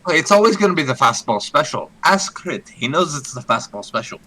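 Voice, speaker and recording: A man's voice: a little high, very animated, a little fast, bright, forceful tone, low-quality recording. A man with a Texan accent playing a tabletop game, boisterous and swearing constantly. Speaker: player.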